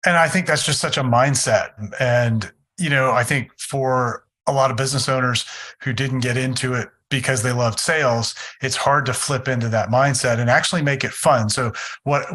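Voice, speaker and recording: A male podcast host with a bright, clear tone asks questions and sums up his guest's points. His delivery is measured and reflective. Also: mid-range voice. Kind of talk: interview questions.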